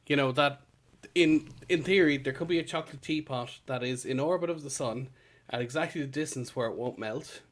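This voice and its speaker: A man's voice: medium pitch, fairly quick. A man co-hosting a casual review podcast, chiming in with dry, jokey remarks. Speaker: co-host.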